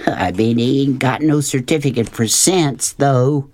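A man's voice: mid-range voice, measured pace, darkish tone, dry recording, lightly acted. A man voicing a tall, blunt, wise woman who works as a motel maid, with drawling folksy speech, in a storybook reading. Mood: firm.

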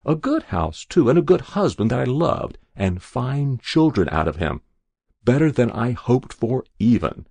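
A man reading aloud, voicing a sharp-tongued, stubborn old woman on her deathbed. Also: mid-range voice, creaky, breathy edge, no echo, full character voice. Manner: querulous, scolding. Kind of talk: audiobook reading.

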